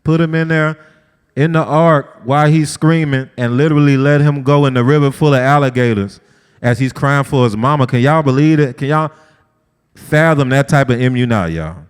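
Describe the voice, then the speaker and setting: Animated man teaching in a reverberant hall. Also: mid-range voice, normal speed, clean tone. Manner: lively, talks straight to the group, asks them questions. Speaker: Bible study teacher. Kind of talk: conversational sermon-style lesson.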